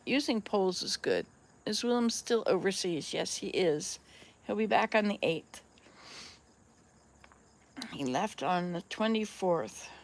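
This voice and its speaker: A woman in her sixties chatting casually at home, rambling and upbeat, coaxing her cats now and then. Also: fairly low pitch. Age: 60s. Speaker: vlogger. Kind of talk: casual chat.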